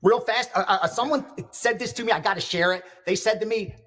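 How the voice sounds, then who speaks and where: A man's voice: high voice, brisk, hardly any pauses, a bit bright. A man on a sports betting show who reads off his picks and then tells a story in a fervent, preachy way. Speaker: sports handicapper. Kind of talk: reading picks, then casual chat.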